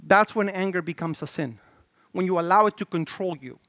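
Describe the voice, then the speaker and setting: A middle-aged man pastors from the pulpit in an animated, conversational style, speaking a little fast. He stammers and restarts, and his voice swings from shouts down to low murmurs, with no echo on the recording.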